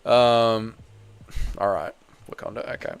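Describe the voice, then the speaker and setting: A man's voice: fairly low pitch, huge pitch swings, a little slow, gravelly, smooth. A young man hosting a live fight watch-along, chatting casually and joking while answering the chat. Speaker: host.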